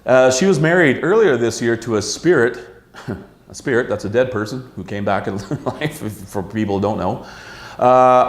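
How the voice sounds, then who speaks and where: A middle-aged man hosts a casual talk show from a pub. He rambles through his stories with plenty of uhs and a lot of swearing. His voice sits at a middling pitch, and the room's echo hangs around every line. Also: animated, moderate pace. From Canada. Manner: rambling, profane, lots of uh fillers. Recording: echoey pub room.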